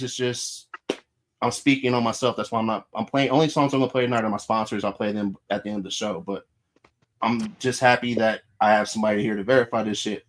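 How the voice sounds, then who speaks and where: A man in his thirties hosting a podcast, talking candidly and profanely about his past and how he changed. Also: medium pitch. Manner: candid, profane, self-reflective. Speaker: podcast host. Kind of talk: casual podcast chat.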